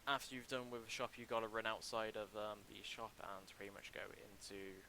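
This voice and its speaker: A young man chats through a livestream as he works on a game level, his fairly low voice carrying a bright, forceful edge. He talks in a halting way, full of ums and restarts, close to a desk mic with a faint hiss behind. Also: little pitch movement, poor audio. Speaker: livestreamer building a game mod. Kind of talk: casual livestream commentary.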